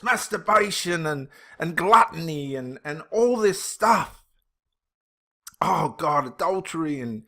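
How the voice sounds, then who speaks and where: A fairly high-voiced man in his fifties reads out viewer comments and reacts to them. He talks with heated emphasis, at times preaching loudly and at times grumbling half to himself. His delivery is casual and unscripted. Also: expressive, slow. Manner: impassioned, emphatic, swinging between preaching loudly and muttering to himself. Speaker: channel host.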